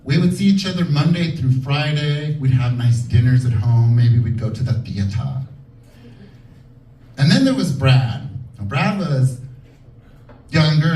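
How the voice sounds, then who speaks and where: A man doing a stand-up comedy set, animated and campy, shouting his punchlines. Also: a little high, recorded from a distance. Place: comedy club stage. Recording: echoey club heard from afar. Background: laughing crowd.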